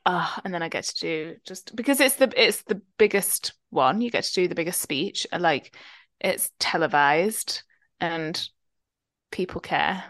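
A woman's voice: on the low side, a little slow, a bit bright, no room sound, clean studio sound. A young woman co-hosting a podcast, telling wry anecdotes in casual chat. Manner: chatty, wry, storytelling. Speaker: podcast co-host.

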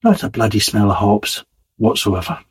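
A man's voice: lowish voice, big pitch swings, normal speed, breathy edge, rough recording. A man giving a casual, blunt and sweary spoken beer review with a wry, exasperated manner.

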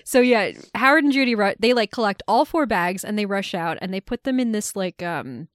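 A woman co-hosting a podcast, retelling movie scenes in a casual, animated way and laughing often. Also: mid-range voice, a little fast, no room sound, clean studio sound. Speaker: podcast co-host. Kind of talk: casual film discussion.

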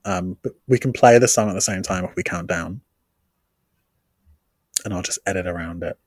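A man's voice: deep voice, normal speed, no room sound, studio quality. A man co-hosting a podcast, joking and swearing in casual chat. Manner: wisecracking, sweary. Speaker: podcast co-host.

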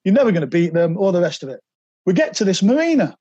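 A man, a podcast guest telling animated anecdotes and slipping into quoted voices. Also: high voice, a little fast, pauses often, husky, no room sound, shouting. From England. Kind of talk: anecdotal interview storytelling.

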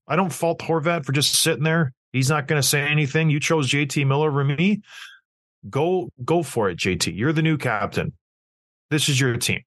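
A male hockey pundit and former player with a lively, up-and-down voice. He talks bluntly and casually, often slipping into the voices of players. The sound is dry and close. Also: medium pitch, no echo. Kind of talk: casual sports talk.

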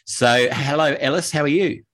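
A man's voice: fairly high pitch, moderate pace, fairly bright tone. A man hosting a casual podcast interview, friendly and jokey, poking fun at himself. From Australia. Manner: friendly, jokey, self-deprecating. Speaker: podcast host.

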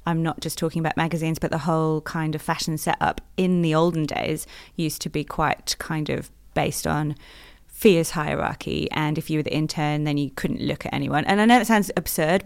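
A middle-aged British woman speaking as an interview guest. Her voice sits low with a gravelly edge, and she talks with articulate emphasis. The sound is close and dry. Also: fairly even intonation, moderate pace, dry recording. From Britain. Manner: articulate, emphatic, laughs easily. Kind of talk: conversational interview.

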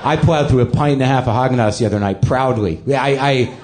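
A man's voice: mid-range voice, brisk, a little mellow, a faint crowd. A middle-aged man hosting a live comedy show, rambling and self-deprecating with plenty of swearing. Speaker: comedian host. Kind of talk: live stand-up monologue. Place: comedy club stage.

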